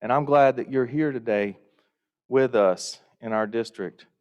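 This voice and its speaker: A man's voice: mid-range voice, measured pace, darkish tone, clear, resonant tone, dull audio. Folksy man in a hall. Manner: folksy storytelling, y'all. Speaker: Rotary district leader. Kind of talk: conference welcome speech. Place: conference hall. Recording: reverberant hall.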